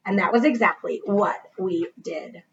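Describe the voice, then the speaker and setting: A woman reading a children's chapter book aloud like a teacher, expressive and pausing to ask her listeners questions. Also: medium pitch, creaky, muffled recording.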